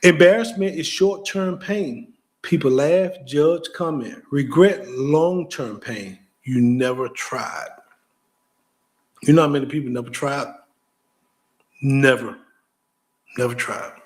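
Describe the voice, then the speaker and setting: A man hosting a motivational talk show, speaking casually and directly to the listener, stammering and repeating himself as he gets excited. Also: mid-range voice, slow pace, long pauses. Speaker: host.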